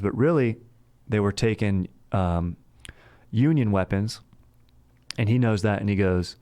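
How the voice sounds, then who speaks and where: A man's voice: on the low side, measured pace, darkish tone, dry recording. A man casually telling a history story as a podcast host, laid-back and slangy, rambling with lots of fillers. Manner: slangy and laid-back, says "dude" and "frickin'" a lot; rambling, with many fillers and restarts.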